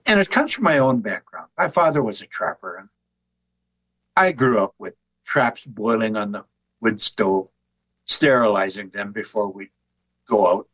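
An older man with a husky voice tells stories in an interview. His delivery is easygoing and anecdotal, and he chuckles at his own jokes. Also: fairly low pitch, animated, measured pace, fairly bright tone, poor audio. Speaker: author and artist, guest. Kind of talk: conversational interview storytelling.

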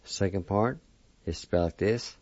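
A man teaching a language lesson on a dull lo-fi recording, sounding out each syllable slowly and deliberately. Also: sits low, darkish tone, dry recording. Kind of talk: spelling and pronunciation lesson.

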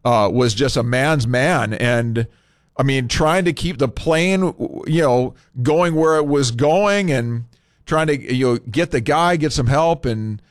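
A man hosting a talk radio show from a studio, talking off the cuff with frequent fillers and pauses. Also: medium pitch, no echo. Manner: conversational and unscripted, pausing with fillers. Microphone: studio microphone.

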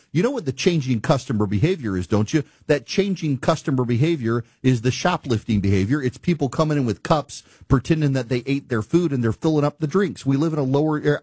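A man hosting a talk show, telling a driving story in an exasperated, animated rant. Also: medium pitch, a little fast, few pauses, husky, dry recording, studio quality. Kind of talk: ranting monologue.

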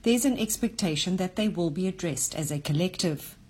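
Husky woman news reporter. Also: lowish voice, animated, a little fast, mellow.

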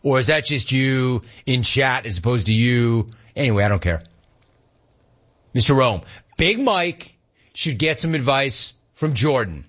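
A man hosting a sports talk radio show, teasing listeners with amused, rapid-fire rhetorical questions. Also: mid-range voice, animated, a bit bright, dull audio.

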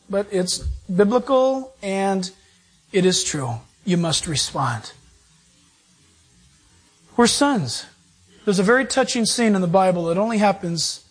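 Animated preaching man, husky voice. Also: high-pitched. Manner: animated, acts out quoted voices. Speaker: pastor. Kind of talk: sermon.

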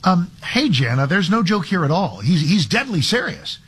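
Male radio host, husky timbre, chatty opinion monologue. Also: high-pitched, sing-song, normal speed, a bit bright. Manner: conversational, frequent restarts and filler words. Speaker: talk radio fill-in host.

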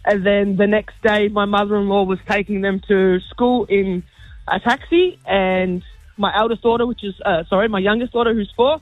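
A man's voice: high-pitched, fairly even intonation, normal speed, no echo, phone-quality sound. A man calling a radio show and telling an easygoing story, correcting himself along the way. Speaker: caller.

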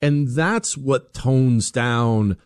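A middle-aged man hosting a commentary show, talking through an opinion monologue with rhetorical questions and sudden jumps in pitch, often repeating words as he starts a sentence. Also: drawn-out words, smooth, no room sound, clean studio sound.

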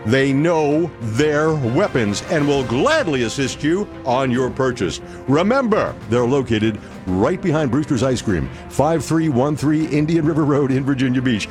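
A man reading a radio ad with a hyped salesman pitch. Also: animated, unhurried, music in the background. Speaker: radio ad announcer. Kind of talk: scripted radio ad read.

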